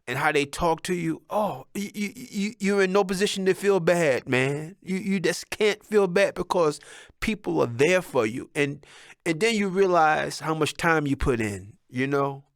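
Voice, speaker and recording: A man's voice: fairly high pitch, dry recording, clean studio sound. A middle-aged man telling personal stories in a rambling, heartfelt way, often ending with "man". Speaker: son of a musician, telling life stories. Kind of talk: casual personal storytelling.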